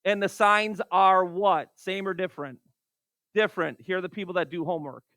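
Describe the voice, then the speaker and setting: A man's voice: sits high, steady tone, moderate pace, sharp tone, no echo. A man teaching a math class, calling on students by name and exasperated by wrong answers. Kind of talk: classroom lecture.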